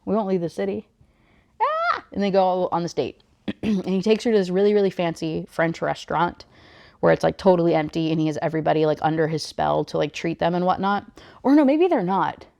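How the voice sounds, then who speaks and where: A woman's voice: fairly low pitch, brisk, gravelly, darkish tone, dry recording, studio quality. A young woman recapping a novel in a casual, chatty book review, with lots of fillers and blunt asides.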